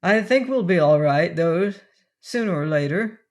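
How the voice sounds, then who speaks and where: A good-humoured young man teases and presses his point gently, as a woman reads him. He speaks slowly, at an easy storybook pace. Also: on the low side, lively intonation. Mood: teasing. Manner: teasing, gently insistent. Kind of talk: audiobook character reading.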